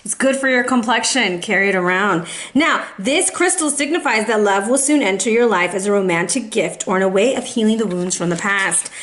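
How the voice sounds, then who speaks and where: A woman's voice: medium pitch, brisk, a bit bright. A woman giving a casual, playful tarot reading to camera, a little out of breath. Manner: chatty, playful, sassy asides. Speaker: tarot reader.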